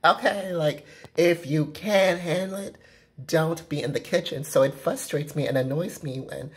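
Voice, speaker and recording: A woman's voice: deep voice, unhurried. A woman vlogging from her apartment, talking straight to camera in a frank, rambling rant full of "you know" fillers. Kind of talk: casual vlog rant to camera. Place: own apartment, indoors. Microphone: camera at close range.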